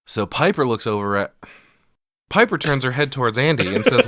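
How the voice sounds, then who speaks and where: Bright-voiced man recapping a movie. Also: medium pitch, brisk, dry recording, studio quality. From United States. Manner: animated retelling with put-on quotes, swears often. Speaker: podcast co-host. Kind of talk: casual movie recap chat.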